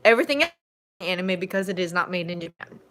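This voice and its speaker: Chatty woman streaming from home. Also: fairly low pitch. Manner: chatty, rambling, with quick bursts of excitement. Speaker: fanfiction audiobook narrator and streamer. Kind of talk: casual live-stream Q&A chat.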